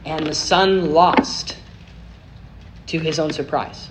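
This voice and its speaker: A man preaching a sermon, telling a story with big swings between hushed and emphatic delivery. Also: fairly high pitch, fairly even intonation, takes it slowly. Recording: noisy recording with clicks.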